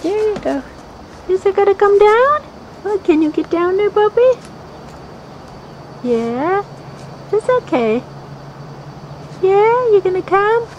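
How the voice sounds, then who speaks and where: A woman's voice: very high voice, animated, slow pace, pauses often, a little mellow, lo-fi sound, slight background noise. A woman filming her pets outdoors on a handheld camera, coaxing them in sing-song baby talk. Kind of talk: home video, talking to pets. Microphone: handheld camera mic.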